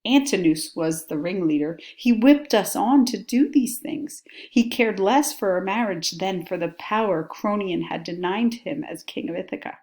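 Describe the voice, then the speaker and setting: A woman's voice: mid-range voice, animated, normal speed, hardly any pauses, darkish tone, close to an everyday voice. Woman doing a scheming desperate nobleman. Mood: pleading. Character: scheming pleading nobleman, young man, desperate.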